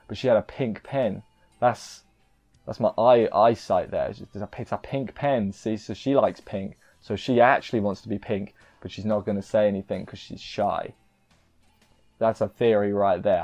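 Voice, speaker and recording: A man's voice: on the low side, dark tone. A man giving a casual, rambling episode recap as an anime reviewer, joking and poking fun at himself. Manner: rambling, self-deprecating, jokey asides.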